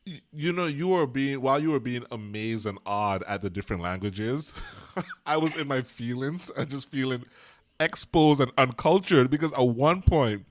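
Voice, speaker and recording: A man co-hosting a casual movie-review podcast, chatty and quick to laugh, wandering off into tangents. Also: mid-range voice, no room sound. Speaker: podcast co-host.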